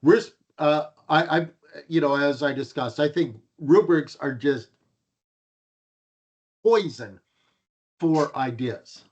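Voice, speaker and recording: A man's voice: fairly high pitch, takes it slowly, pauses often. A man co-hosting a podcast in casual chat, wry and bantering, stressing points with repeated starts. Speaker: podcast co-host. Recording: muffled lo-fi audio.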